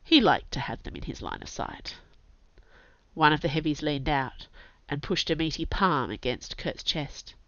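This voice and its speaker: A woman narrating a fantasy audiobook in a steady, measured way. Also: low-pitched, no echo. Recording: dull lo-fi dry recording.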